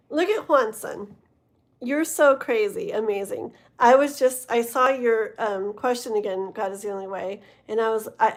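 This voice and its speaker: A young woman, tired and yawning, chatting casually and rambling with her live chat between tarot readings, laughing often. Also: a little high. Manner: rambling, giggly, talks to chat. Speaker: livestream tarot reader.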